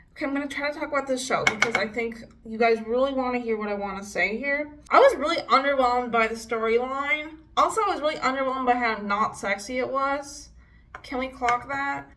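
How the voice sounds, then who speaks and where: A woman's voice: a little high, bright, forceful tone, recorded from a distance. A young woman doing a casual makeup vlog, talking frankly and swearing often with frustrated outbursts. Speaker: beauty vlogger.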